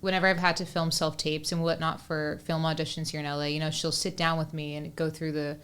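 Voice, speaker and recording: A woman's voice: sits low, level tone, fast talker, a bit bright, clear, resonant tone. A woman in her twenties, a guest musician, chatting casually and thoughtfully in an interview, often saying "like" and "whatnot.". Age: 20s. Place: Los Angeles.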